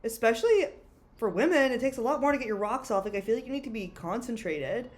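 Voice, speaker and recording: A woman's voice: on the high side, lively intonation, fast talker. A young woman co-hosting a book podcast, talking frankly and casually with lots of filler words. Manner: chatty, frank, heavy use of "like". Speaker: podcast co-host. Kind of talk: casual book-club chat.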